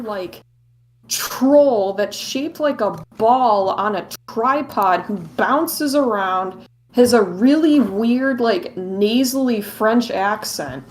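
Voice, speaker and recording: A woman co-hosting a podcast, chatting casually in quick, excitable, jokey rambling. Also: fairly high pitch, a little hiss or hum. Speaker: podcast co-host.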